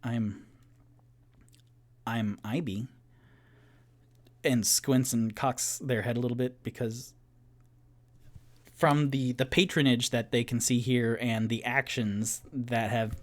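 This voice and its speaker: A man acting as game master, narrating a solo tabletop game in loose, halting descriptions. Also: mid-range voice, fairly even intonation.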